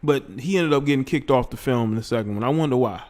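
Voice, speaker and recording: A man's voice: medium pitch, quick pace, a little mellow. A man hosting a casual livestream, rambling in slang and talking straight to his chat. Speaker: livestream host.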